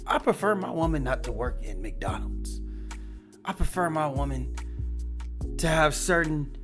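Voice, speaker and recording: A man's voice: a little high, lively intonation, measured pace, music in the background. Opinionated man hosting a commentary video. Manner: candid, conversational, opinionated. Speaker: commentary channel host.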